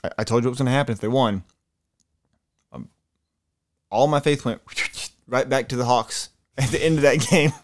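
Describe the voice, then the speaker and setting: Male co-host, mid-pitched, rambling casual sports chat. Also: moderate pace, long pauses, background noise. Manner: rambling, profane, laughing easily. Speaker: podcast co-host.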